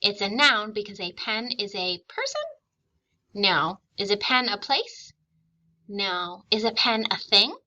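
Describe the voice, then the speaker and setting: Bright-voiced woman teacher, slow and clear. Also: medium pitch, lo-fi sound. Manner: slow, clearly enunciated dictation, patient and encouraging. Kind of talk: recorded classroom lesson.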